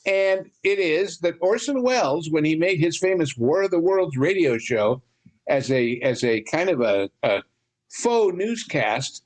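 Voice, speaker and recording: A man on a podcast about films, chatting casually and winding through long anecdotes with side tangents. His voice sits a little higher than most men's. He talks in a relaxed, rambling way, trailing off and picking the thread back up. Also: a little slow. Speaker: podcast co-host. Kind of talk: casual film discussion.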